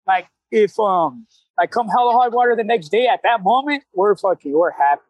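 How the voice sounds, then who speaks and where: Guest, man, thirties, high and dry, blunt street talker who cusses freely. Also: animated, normal speed, a little mellow, dry recording, lo-fi sound. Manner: candid, streetwise slang, frequent cussing. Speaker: CrossFit coach, guest. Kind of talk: casual interview talk.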